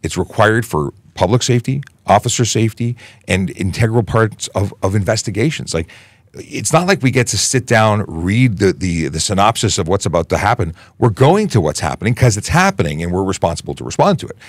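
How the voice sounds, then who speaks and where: A man who is a police media relations officer, hosting a casual Q&A livestream and answering viewer questions in a conversational, animated way with frequent restarts. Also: on the low side, fairly quick, slightly rough, no room sound. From Canada.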